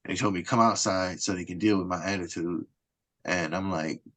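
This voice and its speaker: A man's voice: sits low, fairly even intonation, a little fast, a bit bright, no room sound. A man, a stand-up comedian guest, telling a long story in casual conversation in an indignant, rambling way. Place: Los Angeles.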